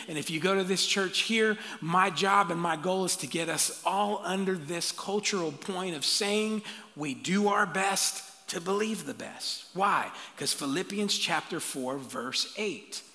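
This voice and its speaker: A man preaching in a large hall, his voice high and gravelly, with a bright, forceful edge. He is an animated pastor who calls out to the crowd and drops playful asides. His words ring with a long hall echo. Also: a little slow. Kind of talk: sermon.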